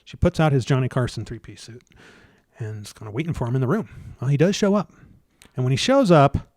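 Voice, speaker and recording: A man telling a story in a casual interview, stumbling over restarts and fillers and getting animated as he retells scenes. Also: medium pitch, no room sound, studio quality. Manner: halting, many restarts and fillers. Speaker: guest researcher.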